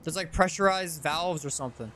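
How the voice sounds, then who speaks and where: A man chatting casually while playing a co-op game with friends, excitable, yelling and swearing. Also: fairly high pitch, a little fast. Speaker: gamer. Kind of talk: casual co-op gaming chat. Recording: roomy sound with faint noise.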